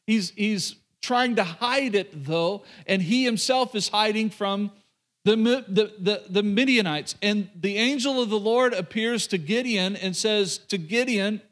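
A male pastor preaching a sermon, retelling a story in an animated, conversational way and speaking straight to his listeners. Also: high-pitched.

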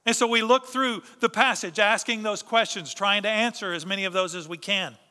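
A man with a high, piercing, bright voice preaching a sermon. He drives his points home with rhetorical questions and repeated phrases. His voice carries a long reverb, as if it fills a big hall. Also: a little fast. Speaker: pastor.

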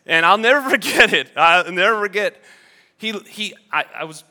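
A man's voice: high-pitched, animated, moderate pace, sharp tone, smooth, in a large hall. A male pastor preaching a sermon, telling a story in a conversational way with restarts and asides.

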